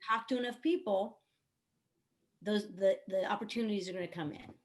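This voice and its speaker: A woman's voice: mid-range voice, fast talker, a little hiss or hum. A woman who works as a songwriter, producer and coach, explaining her ideas earnestly on an online panel with everyday examples. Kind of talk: panel discussion.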